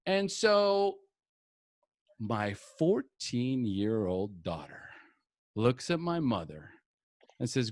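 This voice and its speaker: A man's voice: mid-range voice, big pitch swings, slow, long pauses, darkish tone, no echo, studio quality. Earnest middle-aged male recovery coach. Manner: earnest, emphatic, repeats key phrases. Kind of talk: live group coaching session.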